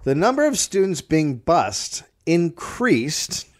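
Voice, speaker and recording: A man tells a history story for a comedy podcast in a studio, reading from his notes. His pitch rises and falls a lot as he drops dry, joking asides. He sometimes trips over a word and laughs it off. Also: sing-song, slow pace. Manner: reads notes with wry asides, stumbles and laughs.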